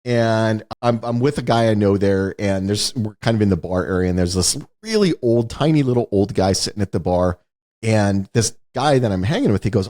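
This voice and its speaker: A man's voice: on the low side, brisk. A man co-hosting a podcast in casual chat, telling stories and acting out the voices of the people he quotes. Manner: animated storyteller, acts out quotes. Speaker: podcast co-host.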